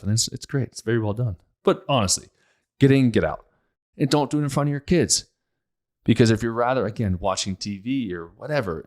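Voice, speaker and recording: A man hosting a podcast, speaking in a blunt, emphatic casual monologue and often repeating his points. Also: on the low side. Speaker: podcast host.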